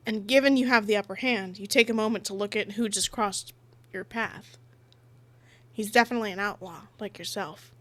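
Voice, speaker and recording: A woman's voice: medium pitch, a bit bright, dry recording. A woman streamer reading a visual novel aloud, narrating in second person and breaking off with giggly, chatty asides. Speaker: game streamer.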